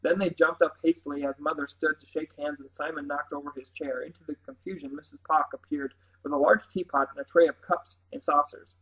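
A man's voice: on the high side, fairly even intonation, brisk, few pauses, a bit bright, low-quality recording. Man reading a novel aloud. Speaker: reader.

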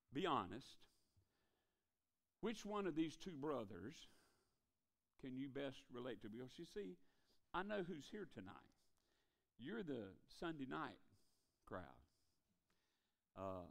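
A man preaching a revival sermon in a church, folksy, calling for amens and dropping to a hush to stress a point. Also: medium pitch, very animated, slow pace, gravelly, pauses often. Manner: folksy, calls for amens, drops to a hush for emphasis.

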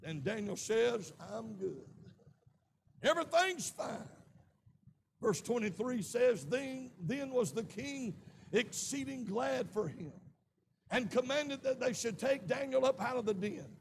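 Man, Southern accent, preaching, very high voice, gravelly fry, faint hiss behind. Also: expressive, unhurried. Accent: Southern American. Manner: preaching with rising shouts and frequent amens. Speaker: pastor. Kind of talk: sermon. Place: church sanctuary.

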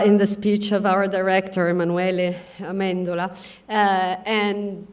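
An Italian-accented woman delivers formal welcome remarks at a podium, speaking warmly with frequent small fillers. Her voice sits at a middle pitch. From Milan, Italy. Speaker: consul general. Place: event hall. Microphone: podium microphone.

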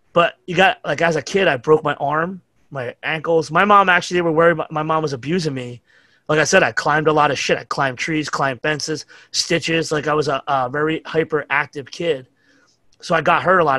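A man's voice: fairly high pitch, a little fast, bright, forceful tone, no room sound. A middle-aged man with a New York accent, telling rambling, profane stories as a podcast guest. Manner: profane, rambling anecdotes with acted-out quotes. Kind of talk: casual storytelling chat.

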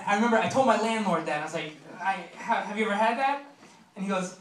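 With a high, animated voice, a young man in his twenties performs a stand-up set on a comedy club stage. He's rapid and loose, chatting with plenty of fillers and quick crowd asides. Audio is noisy and roomy, recorded from a distant mic.

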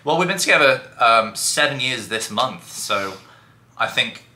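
A young British man co-hosting a couple's channel, chatting casually and jokily as he reacts to comments. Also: mid-range voice. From United Kingdom. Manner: jokey, animated, quick asides. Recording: echoey room.

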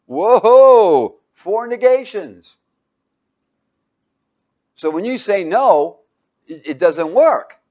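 A man's voice: mid-range voice, darkish tone. A man teaching a Bible class, quizzing his students with fill-in questions and breaking into sudden exclamations.

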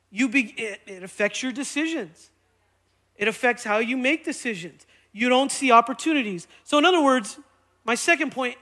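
High, bright-voiced male preacher. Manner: energetic, conversational, keeps asking "right?". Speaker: pastor. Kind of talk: sermon. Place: church sanctuary.

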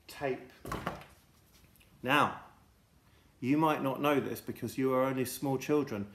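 A man hosts a silly mock lesson for children, rambling in a deadpan way that swings from loud to hushed. His voice sits at a middling pitch. The room around him is echoey. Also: takes it slowly, gravelly. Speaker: comedy presenter of a children's show. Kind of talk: absurd mock lesson for kids. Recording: roomy echo.

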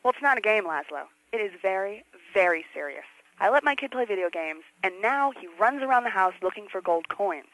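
A woman's voice: mid-range voice, expressive, a little fast, fairly bright tone, dry recording, low-quality recording. An actress playing an indignant mother who calls a radio show to complain about video games. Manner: preachy, indignant. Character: fretful middle-aged mother caller, moralizing about games.

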